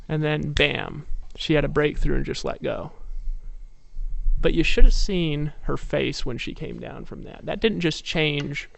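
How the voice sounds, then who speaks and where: A man's voice: fairly high pitch, a little slow, gravelly, a bit bright. A man giving a persuasive motivational sales talk, telling stories and firing off rhetorical questions. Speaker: network marketing presenter.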